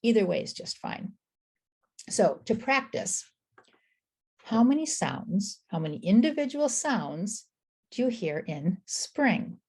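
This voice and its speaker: A woman teaching early reading, encouraging, slowly sounding out words sound by sound. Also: mid-range voice, very animated, a little mellow, slightly rough. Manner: encouraging, affirms with "I agree" and "excellent". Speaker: reading tutor. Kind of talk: instructional explanation.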